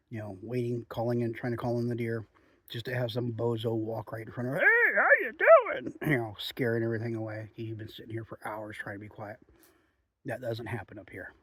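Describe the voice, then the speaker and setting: A man's voice: medium pitch, fairly quick, husky, dry recording. Laid-back guy talking in the woods, lots of ums, dry sound. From Oregon. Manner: chatty, relaxed, frequent "um" and "you know". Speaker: outdoor vlogger reviewing chewing tobacco. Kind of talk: rambling casual monologue. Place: outdoors in the woods.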